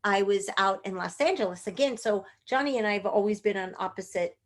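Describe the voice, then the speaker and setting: A middle-aged woman from Northern California, a puppeteer telling stories in a lively interview and acting out the people she quotes. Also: mid-range voice, fairly quick. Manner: bubbly and expressive, acts out voices in quoted dialogue. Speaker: guest puppeteer. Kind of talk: animated interview storytelling.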